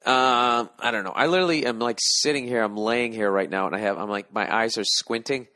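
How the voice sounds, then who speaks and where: A man's voice: mid-range voice, a little fast, pushed and bright. A man in his forties hosting a solo podcast from home, rambling and ranting in a profane, sardonic way. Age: 40s. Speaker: podcast host. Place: lying down at home.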